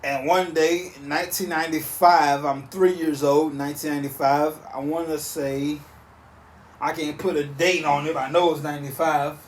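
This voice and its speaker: Man in his thirties, podcast host, emphatic repetitive rant, slightly high voice, roomy off-mic sound. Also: little pitch movement, moderate pace, slight background noise. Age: 30s. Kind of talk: casual solo rant. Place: back porch outdoors.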